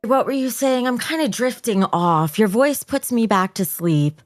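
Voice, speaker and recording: A woman's voice: on the high side, lively intonation, a little slow, no room sound, faint music behind. A woman co-hosting a live stream, teasing and insulting her co-host with sarcasm. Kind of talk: mock-feud banter on a live stream.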